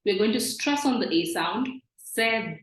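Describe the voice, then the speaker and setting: A woman's voice: mid-range voice, animated, moderate pace, slight background noise. A woman teaching a beginners' lesson, patiently explaining and repeating sounds. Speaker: French teacher. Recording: echoey room.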